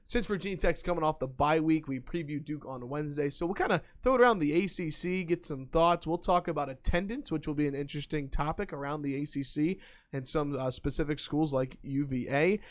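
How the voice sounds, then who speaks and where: Young male podcast host, upbeat segment intros, slightly higher voice, casual chat. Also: brisk.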